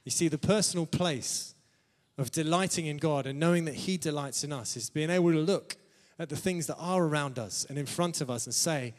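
A man's voice: fairly high pitch, a little fast. A man preaching a sermon to a congregation, laughing often between phrases and calling out "amen" to the room. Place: church. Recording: long reverb of a church hall.

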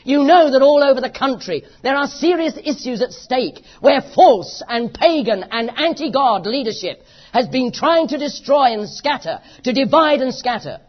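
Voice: high voice, animated, moderate pace. A preacher with a British accent delivering an impassioned, emphatic sermon full of repeated phrases. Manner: impassioned, emphatic, repetitive rhetoric. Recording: dull lo-fi recording.

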